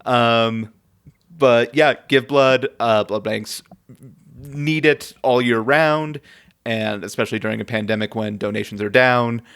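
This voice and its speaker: A man's voice: mid-range voice, a little slow, gravelly, fairly bright tone, clear, resonant tone. A man hosting a podcast in casual chat, hesitant and full of filler sounds, chuckling often. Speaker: podcast host.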